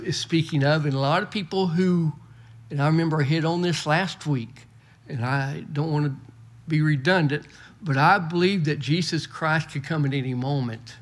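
A middle-aged man preaching a folksy sermon, often repeating and restarting words. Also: on the high side. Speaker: pastor. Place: church.

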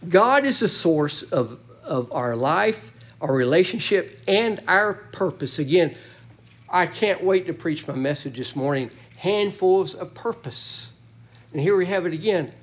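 A man teaching a Bible study as pastor, folksy and animated, with joking asides to his congregation. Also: sits high, a little slow. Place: church.

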